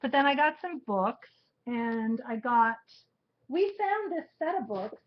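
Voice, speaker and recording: A woman's voice: fairly high pitch, big pitch swings, measured pace. A woman co-hosting a live show, rambling through a trip story and showing what she bought, laughing often. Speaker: co-host of a live crafting show. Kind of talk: casual storytelling chat. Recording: muffled live-stream audio.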